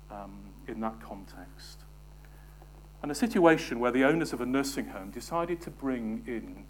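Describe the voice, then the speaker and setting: A man delivering a sermon in a middle-pitched voice, rising to stress scripture and then dropping to near-whispers. He keeps turning to the listeners with questions. A faint hum of noise sits behind him. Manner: swings from emphatic scripture reading to soft, near-whispered asides; engages the congregation with questions. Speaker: preacher.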